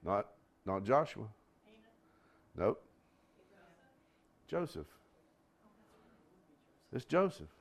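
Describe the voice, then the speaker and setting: A man preaching a sermon, telling stories and stretching key phrases with big rises in pitch. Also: very animated, drawn-out words, gravelly, pauses often. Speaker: pastor.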